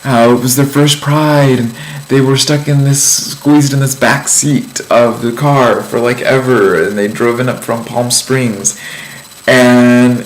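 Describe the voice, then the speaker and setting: A man's voice: mid-range voice, fairly even intonation, slow pace, poor audio. A man giving a casual vlog life update, telling a story in a chatty, meandering way with lots of ums and likes. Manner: amused storytelling. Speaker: vlogger.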